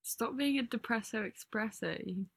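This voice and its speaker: A woman's voice: fairly high pitch, measured pace, creaky, slightly rough. A woman co-hosting a podcast in casual chat, giggly and chatty, often trailing off mid-thought. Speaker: podcast co-host.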